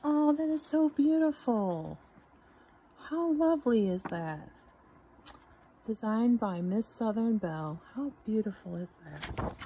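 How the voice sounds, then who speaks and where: A woman's voice: on the high side, lively intonation, slow pace, warm tone, a little hiss or hum. A woman hosting her own channel, gushing and exclaiming as she unboxes a gift box. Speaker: channel host. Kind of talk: unboxing vlog.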